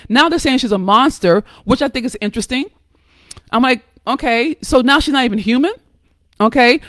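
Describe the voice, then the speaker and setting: A woman's voice: high voice, no room sound, studio quality. A woman from the United States giving motivational advice to other women in a blunt, emphatic way, cursing freely, often restarting words and checking in with "okay?" and "right?". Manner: many restarts and repeated words. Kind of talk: motivational talk to camera.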